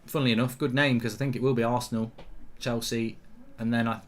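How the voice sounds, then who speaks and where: An excitable man hosts a live football watchalong, calling the action in a mid-range voice. He talks bluntly and swears freely between reading viewer comments. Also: medium pitch, fast. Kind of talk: casual live match commentary and chat reading.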